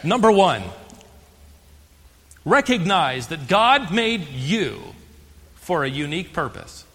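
An older American man preaching a sermon as pastor, stressing key words and slowing for emphasis. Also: fairly high pitch, sing-song, sharp tone, slightly rough, big-room sound. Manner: emphatic, slows on key phrases.

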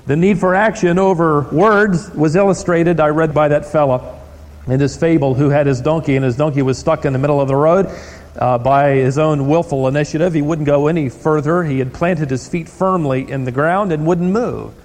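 A male pastor preaching a sermon in a church, telling stories with animated delivery and rhetorical questions. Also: fairly high pitch, normal speed. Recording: long hall reverb.

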